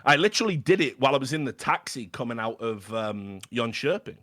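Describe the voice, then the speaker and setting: Animated British man telling a story. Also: mid-range voice, a little fast. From Britain. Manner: animated, swears freely, stammers and restarts. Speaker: podcast guest. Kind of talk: casual storytelling chat.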